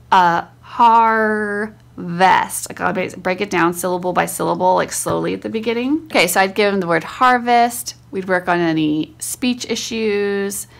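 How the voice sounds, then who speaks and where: Gravelly-voiced woman teaching spelling. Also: medium pitch. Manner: conversational, sounds words out syllable by syllable. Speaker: homeschool teacher. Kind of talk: casual teaching demonstration.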